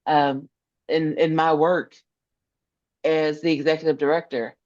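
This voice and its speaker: This is a woman's low, darkish voice, level in tone and measured in pace, with the highs cut off. A social worker guesting on a podcast, she speaks earnestly and emphatically in a conversational interview, using repetition to underline what she means.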